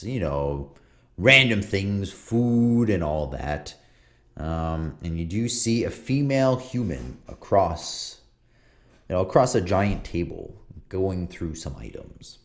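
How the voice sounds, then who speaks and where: A man narrating as game master in a tabletop game, relaxed and rambling with plenty of fillers. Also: sits low.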